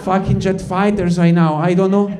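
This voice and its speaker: This Ticino man's voice is high, with little pitch movement and a normal speed. He's doing a stand-up set before a live crowd, wandering off on tangents, interrupting himself partway through sentences, and addressing everyone as "guys."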